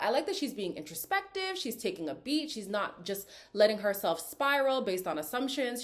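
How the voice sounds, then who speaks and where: A woman giving casual, opinionated commentary as she recaps a reality dating show, talking straight to her viewers. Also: medium pitch. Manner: opinionated, chatty, slips into quoted voices.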